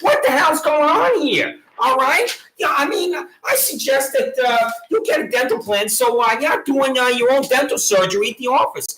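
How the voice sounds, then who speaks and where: A woman's voice: high-pitched, animated, moderate pace, few pauses, a bit bright. A woman with a Long Island accent, ranting in a sarcastic, taunting way straight to the camera, repeating her jabs. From Long Island, New York. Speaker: vlogger. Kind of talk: mocking direct-address rant. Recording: echoey room.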